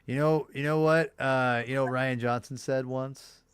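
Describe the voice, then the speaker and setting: A man's voice: mid-range voice, fairly even intonation, moderate pace, crowd noise. A man in his thirties, co-hosting a casual podcast chat, rambling with frequent restarts. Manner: rambling, lots of restarts and fillers. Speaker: podcast co-host.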